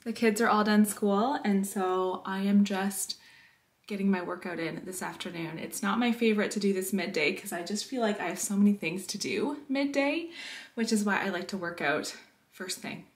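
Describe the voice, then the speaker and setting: A woman's voice: medium pitch, moderate pace. A woman vlogging casually at home, chatting and explaining what she is doing as she goes. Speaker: homeschooling mom vlogger. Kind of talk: casual day-in-the-life vlog narration. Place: home kitchen. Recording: echoey room.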